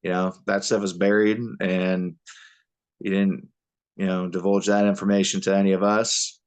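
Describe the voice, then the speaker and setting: A man with a low-pitched voice, telling his story as a podcast guest. He speaks haltingly, with pauses and restarts. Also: monotone, darkish tone, clean tone. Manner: halting, many fillers and restarts. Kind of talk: personal storytelling.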